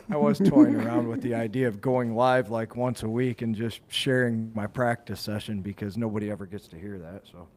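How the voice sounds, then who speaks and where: A man co-hosting a live show, who talks about music in an earnest, laid-back way and lets his sentences trail off softly. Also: on the low side, moderate pace. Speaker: co-host and musician. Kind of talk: casual chat.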